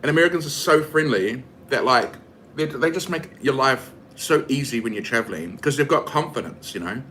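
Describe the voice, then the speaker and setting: A man's voice: medium pitch, lively intonation, normal speed, pushed and bright, a little hiss or hum. A man with a New Zealand accent chatting casually and rambling with lots of fillers while he cooks for his vlog. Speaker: vlogger. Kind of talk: casual chat while cooking.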